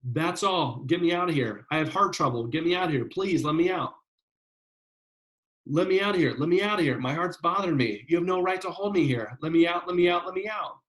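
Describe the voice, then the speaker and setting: A man's voice: fairly high pitch, expressive, brisk, voice pushed up, low-quality recording. A man acting out a panicked man begging to be let out. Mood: panicked pleading. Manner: pleading, yelling, repeating himself. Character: panicking man pleading to be released.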